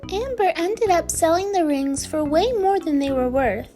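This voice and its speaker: A woman reading a scripted voice-over for a compilation, briskly reading out posts and replies. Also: extremely high pitch, expressive, dark tone, soft background music. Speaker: compilation narrator.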